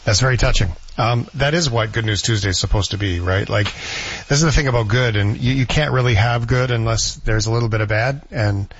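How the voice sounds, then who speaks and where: A man's voice: mid-range voice, a little fast, hardly any pauses, slightly rough, highs cut off. A man hosting a casual chat, reflective and easygoing. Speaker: host.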